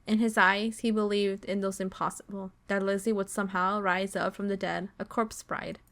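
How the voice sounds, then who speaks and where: A woman streamer reading a visual novel's text aloud, slow and dramatic, breaking off to swear and react. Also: mid-range voice, flat delivery, a bit bright.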